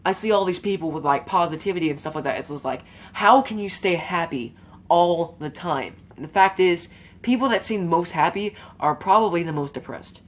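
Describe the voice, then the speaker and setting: A woman YouTube commentator delivers an earnest, rambling opinion monologue to her viewers, casual and emotional, full of fillers and some mild swearing. Her voice is lowish and brisk.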